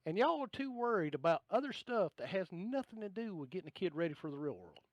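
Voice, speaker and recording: A high, lively Southern man with a thick drawl who rants bluntly about whatever's bugging him. His voice swings up and down as he talks, and it sounds close and dry with no room around it. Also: fast talker, no room sound, muffled recording. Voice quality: drawling, gravelly-toned. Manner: ranting, animated, blunt and joking. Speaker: podcast guest. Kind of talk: casual chat.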